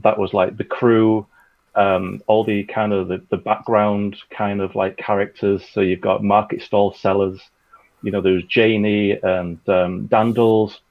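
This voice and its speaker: Gravelly man chatting casually. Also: on the low side, highs cut off. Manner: rambling, chatty, filler-heavy. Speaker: audio drama creator. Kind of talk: casual chat.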